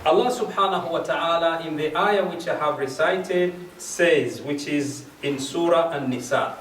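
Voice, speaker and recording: Speaking at a majlis in a mosque or community hall, a man delivers a religious lecture, working through verses step by step and repeating key phrases. His voice is fairly high and fairly bright, unhurried, with slight background noise; the hall is echoey and the mic sits at a distance.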